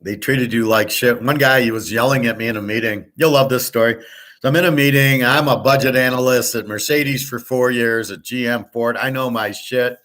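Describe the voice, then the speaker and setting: A man's voice: medium pitch, steady tone, brisk, a bit bright. A middle-aged man from the United States, hosting a betting show and telling a rambling story in a blunt, profane, indignant way. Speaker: sports betting show host.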